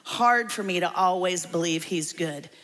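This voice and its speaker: A woman preacher tells her sermon as a comic story, full of jokes and quick asides to the crowd. Her voice carries through a large hall with a long, trailing echo. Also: lowish voice. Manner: humorous storytelling, lively asides.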